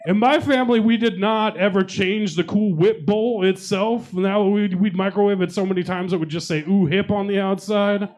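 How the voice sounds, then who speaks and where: A young man doing stand-up on a showcase stage, his voice sitting a little high for a man. He swears freely, jokes at his own expense and picks on people in the crowd. He talks into a handheld mic. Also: steady tone, normal speed, few pauses, a little mellow. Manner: profane, self-deprecating storytelling with crowd work. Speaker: stand-up comedian. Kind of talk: stand-up comedy set. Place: comedy showcase venue with live audience.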